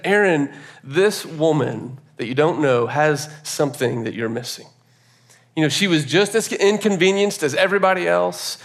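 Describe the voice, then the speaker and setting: A man's voice: on the high side, a bit bright. A man telling a personal story in a casual, earnest way, often saying "like" and "you know," and drawing a faith lesson from it. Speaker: speaker sharing a personal story.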